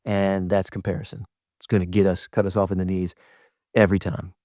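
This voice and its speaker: A middle-aged man with a fairly low voice gives a reflective, faith-centered talk. He speaks conversationally, often stopping to restart or repeat a word. The sound is close and dry, with no room around it. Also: little pitch movement, brisk, a little mellow, dry recording. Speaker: host.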